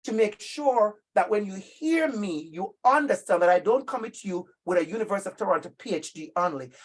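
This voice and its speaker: A man from Jamaica with a Jamaican accent, giving an emphatic, lively professional-development talk to teachers and addressing them directly. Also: sits high. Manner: emphatic and animated, addressing listeners directly by name. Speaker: workshop presenter for teachers.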